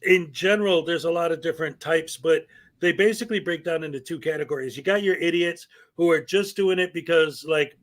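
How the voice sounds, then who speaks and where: Man, high-pitched, show host, casual chat, animated, restarts sentences. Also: fairly quick. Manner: animated, repeats words when starting a thought.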